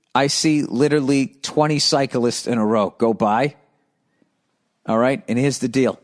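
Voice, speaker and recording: A middle-aged man hosting a podcast, ranting sarcastically and profanely about cyclists while reading listener letters. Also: mid-range voice. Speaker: podcast host.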